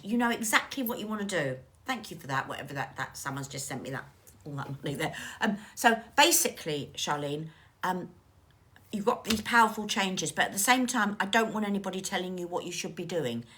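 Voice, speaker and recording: A woman reads cards as a psychic medium on a livestream, chatting warmly and calling viewers darling. Her voice is bright and forward, and it swoops up and down through a wide pitch range. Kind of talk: live-stream card reading.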